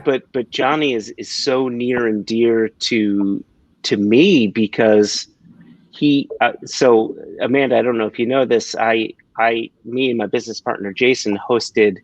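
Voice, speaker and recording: A man's voice: medium pitch, steady tone, a little slow, dry recording. A man talking as a guest on a live video call, hesitant, with many restarts. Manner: hesitant, restarts, warm about a friend. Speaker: guest from a beverage importer. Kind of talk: casual chat on a live stream. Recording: dull dry sound.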